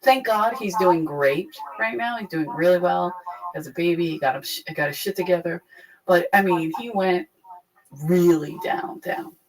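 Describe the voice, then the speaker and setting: A young adult woman frankly retelling a painful personal story, profane and animated. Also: fairly low pitch, moderate pace, a crowd in the background, low-quality recording. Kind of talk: candid conversational storytelling.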